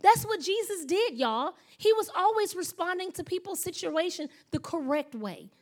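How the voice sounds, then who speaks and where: A woman's voice: very high voice, animated, normal speed. A woman pastor, telling a story in a sermon and acting out the voices of the people in it. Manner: storytelling, acts out quoted voices.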